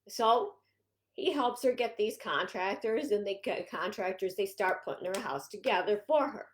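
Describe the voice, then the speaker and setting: A woman's voice: medium pitch, expressive, moderate pace. A woman who works as a home organizing consultant, talking to her viewers in a chatty, rambling way with frequent restarts. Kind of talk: casual vlog talk.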